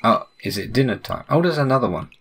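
A man's voice: medium pitch, expressive, quick pace, a bit bright, a little hiss or hum. A young man doing let's play commentary on a game, asking puzzled running questions and reading the characters' lines aloud. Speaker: gaming YouTuber.

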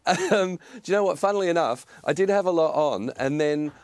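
Australian man, middle-aged, comic guest on a video call, slightly high voice, playful and self-mocking, dry sound. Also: expressive, brisk, dry recording. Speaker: comedian guest. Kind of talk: joking remote interview. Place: remote link from abroad.

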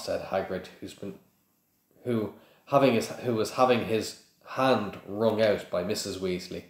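A man's voice: lowish voice, measured pace, roomy sound. A man reading a children's story aloud in a plain manner with small slips and restarts. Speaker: reader.

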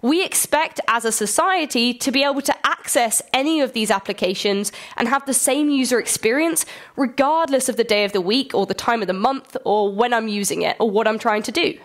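A woman's voice: a little high, fairly quick. A young adult woman with a cold and a slightly nasal voice, giving a friendly conference presentation with light jokes. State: has a cold. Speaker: conference speaker. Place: conference hall.

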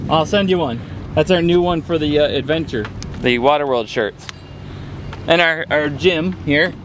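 A channel host chats in a casual, upbeat way on an outdoor boat vlog, cheerful and joking. His voice is fairly high at normal speed, with background noise and music under it.

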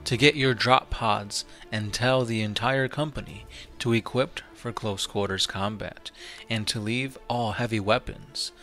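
A man's voice: on the low side, unhurried, a bit bright, faint music behind. A man reading the part of a stern, commanding chapter master who gives curt orders.

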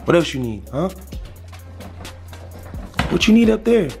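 A man's voice: high voice, very animated, a little slow, creaky, a little mellow, soft background music. A young man vlogging casually at home, talking playfully and dotingly to a new puppy. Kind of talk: casual vlog chat.

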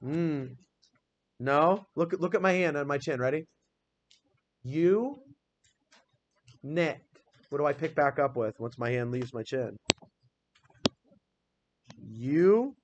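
Man teaching spelling, slightly high voice. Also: expressive, slow pace, pauses often, highs cut off, slight background noise. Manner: patient, spells words out letter by letter. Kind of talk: classroom phonics lesson. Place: classroom.

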